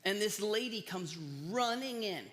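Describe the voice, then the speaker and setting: A man preaches in a relaxed, storytelling way, slipping in self-deprecating jokes. His voice sits fairly high and sounds bright and forceful. A long reverb from a large church hall trails each phrase. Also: unhurried. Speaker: pastor. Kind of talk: casual sermon.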